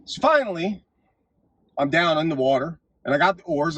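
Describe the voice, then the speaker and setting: A man's voice: a little high, expressive, moderate pace, no room sound. Fervent man with a dry voice. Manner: fervent, storytelling, swings to shouts at climaxes. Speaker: vlog host. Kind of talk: impassioned political monologue.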